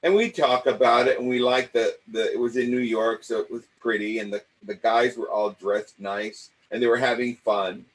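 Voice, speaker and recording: An older man from Los Angeles, an acting coach, telling personal stories in a lively way and acting out the voices of the people in them. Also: medium pitch, normal speed, hardly any pauses, poor audio. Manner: animated, acts out the voices of people in his stories. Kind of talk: personal storytelling.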